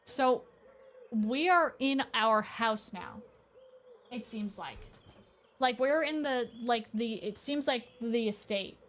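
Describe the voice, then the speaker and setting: Swearing, chatty woman streamer. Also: on the high side. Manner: chatty, heavy swearing, rambling. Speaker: game streamer. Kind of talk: casual let's-play commentary.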